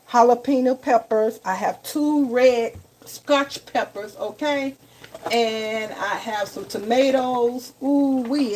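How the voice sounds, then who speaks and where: A woman talking her viewers through a live cooking vlog, chatty and familiar, calling them y'all and baby. Her voice sits at a middle pitch. It was recorded in a home kitchen on a phone, with frying food sizzling loudly in the background. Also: slight background noise, rough recording. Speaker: home cook and vlogger. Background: frying and sizzling in the pan.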